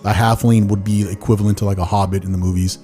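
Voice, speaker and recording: Male podcast host, lowish mellow voice, laid-back chatty storyteller. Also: fast, soft background music. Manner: relaxed, chatty storytelling, occasional swearing. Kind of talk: casual podcast chat.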